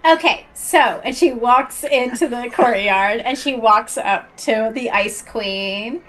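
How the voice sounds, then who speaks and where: A woman's voice: on the high side, slow pace, fairly bright tone. A woman narrating a tabletop role-playing game as game master, laughing often as she plays the characters.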